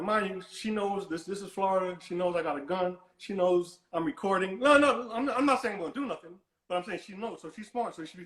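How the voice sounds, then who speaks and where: A man's voice: high voice, fairly bright tone, roomy sound, poor audio. A man calling in to a talk show, telling a long story in a rambling way, repeating and restarting his words and brushing things off. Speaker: caller. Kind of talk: animated storytelling on a call-in show.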